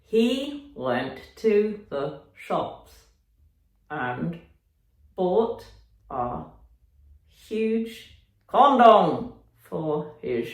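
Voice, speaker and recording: A woman's voice: fairly low pitch, very animated, extremely slow, long pauses, roomy sound, heavily acted. A woman voicing a foul-mouthed, self-pitying male monkey puppet who swears a lot. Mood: crude.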